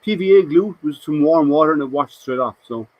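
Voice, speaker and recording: Male streamer, chatty and halting, answers chat, slightly high voice, dry room. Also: dry recording, lo-fi sound. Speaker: live stream host. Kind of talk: casual live stream chat.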